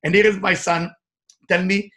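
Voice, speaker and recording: This life coach, a man with a high-pitched voice speaking at normal speed, delivers an emphatic motivational talk. He tells personal stories in animated English with non-native phrasing.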